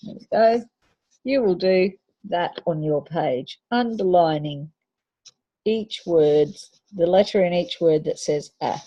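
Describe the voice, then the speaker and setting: A woman's voice: fairly low pitch, slow, mellow, muffled recording. A woman teacher giving a patient phonics lesson to young children, sounding out letters and words.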